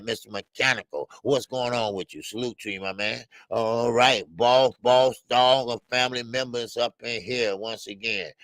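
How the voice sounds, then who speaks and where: A man hosting a boxing talk live stream, calling out each viewer in the chat by name. His voice is bright and forceful, recorded dry and close with almost no room sound. He drawls his greetings and piles on friendly filler. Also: medium pitch, no echo. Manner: shout-outs to chat viewers, drawn-out greetings. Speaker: boxing show host.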